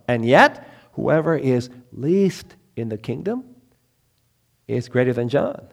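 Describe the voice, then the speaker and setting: A man preaching a sermon with emphatic, deliberate phrasing, pausing for effect and dropping to quiet, low lines between loud emphatic ones. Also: animated. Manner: emphatic, slow deliberate phrasing with dramatic pauses.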